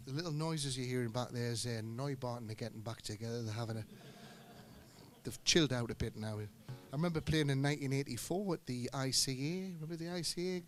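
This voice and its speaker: A middle-aged singer-guitarist telling rambling, joking stories between songs at a live gig. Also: male voice, mid-range voice. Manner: joking, anecdotal storyteller. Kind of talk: rambling stage banter. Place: live music venue on stage. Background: guitar music.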